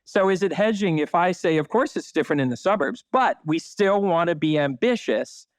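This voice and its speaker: A man's voice: on the high side, lively intonation, moderate pace, no echo. A man speaking as a city planner guest in a conversational podcast interview, emphatic and blunt, with occasional swearing.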